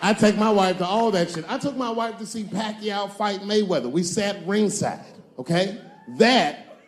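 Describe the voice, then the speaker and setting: High-voiced profane stand-up man. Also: normal speed, a little hiss or hum. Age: 40s. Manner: profane, conversational crowd work. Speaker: stand-up comedian. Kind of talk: stand-up comedy. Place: comedy stage before a live audience.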